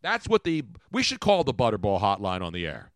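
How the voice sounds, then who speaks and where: A middle-aged man hosting a radio show, riffing in casual comedic banter with an animated, rambling delivery. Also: lowish voice, a little fast, dry recording, studio quality. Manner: animated, joking, rambling riffs.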